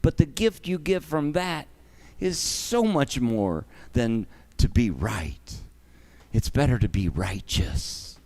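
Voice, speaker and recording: A man's voice: medium pitch, expressive, slow, a little mellow. A man hosting a charity livestream, talking emotionally and expressively to his viewers.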